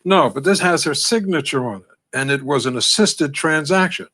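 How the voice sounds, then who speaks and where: A man narrating a documentary and questioning a subject in a measured, scripted way. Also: a little high, bright, forceful tone, slightly rough.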